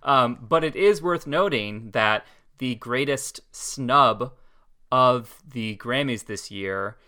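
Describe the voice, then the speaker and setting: A man's voice: mid-range voice, slow, sharp tone, clean tone. A man co-hosting a casual podcast, rambling through stories with frequent laughs. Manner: rambling, laughs often, many fillers. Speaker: podcast co-host.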